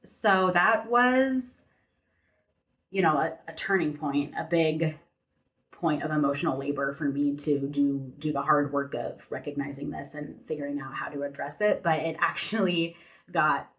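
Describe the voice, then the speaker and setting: A woman's voice: low voice, measured pace, fairly bright tone. A young adult woman, a podcast guest, telling a personal story candidly in conversation, filling her speech with "like" and "you know.".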